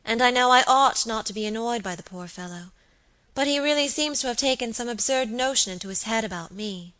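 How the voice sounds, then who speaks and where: A woman's voice: on the high side, expressive, brisk, voice pushed up. Woman reading as a sweet, scheming young lady. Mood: coaxing. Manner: soft, coaxing, at times whispered. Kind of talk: audiobook character reading.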